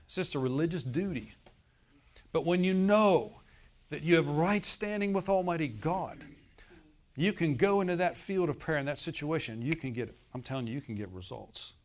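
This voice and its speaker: A man with a fairly high voice preaches a folksy sermon, talking directly to the congregation. His delivery swings from loud, emphatic bursts to softly murmured asides.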